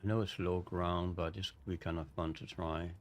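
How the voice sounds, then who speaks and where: A man streaming a video game, commenting casually in a halting, rambling way. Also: low voice, little pitch movement, a little hiss or hum. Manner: rambling, halting, self-correcting. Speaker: gaming streamer. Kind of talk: casual let's-play commentary.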